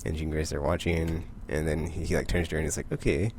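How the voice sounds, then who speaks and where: Young guy with a low gravelly voice rambling through a comic recap, lots of likes and uhs, slight hiss. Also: flat delivery, fast, darkish tone. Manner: rambling, filler-heavy retelling with quoted character lines. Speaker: comic book vlogger.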